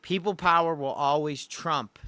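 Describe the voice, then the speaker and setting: A man hosts a loose, rambling livestream and talks straight to the viewers in his chat in a folksy way. His voice is bright and forward, and the recording is close and dry, with no room sound. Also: a little high, a little slow, dry recording. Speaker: livestream host. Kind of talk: casual livestream commentary. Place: Louisiana.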